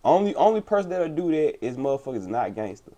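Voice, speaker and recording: A man's voice: fairly high pitch, very animated, fast talker, warm tone. A man hosting a casual interview, talking in an easygoing way and often chiming in with short agreements. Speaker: interview host.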